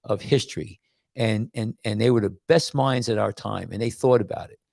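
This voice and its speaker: Gravelly man hosting a casual podcast. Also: fairly low pitch, moderate pace, no room sound, studio quality. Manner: rambling, repeats and restarts words; tells stories with animated quoted voices. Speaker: podcast host and doctor.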